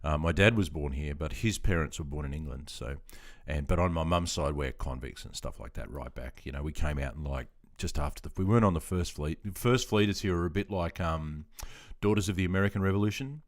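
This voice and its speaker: A man's voice: extremely low pitch, a little fast, few pauses. An Australian man in his fifties, chatting in a rambling, self-deprecating way while reading out chat on a gaming live stream. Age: 50s.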